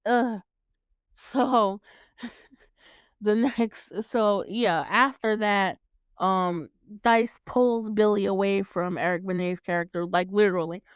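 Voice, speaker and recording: A woman's voice: medium pitch, slow, smooth, no echo, clean studio sound. Chatty swearing woman recapping a film. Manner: chatty, swears freely, laughs often, acts out reactions. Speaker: podcast host reviewing a film. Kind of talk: casual chat, movie recap.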